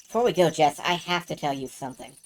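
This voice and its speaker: A woman voicing a brash, stubborn young male fighter who talks gruffly in a game reading. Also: sits low, animated, fast talker, voice pushed down.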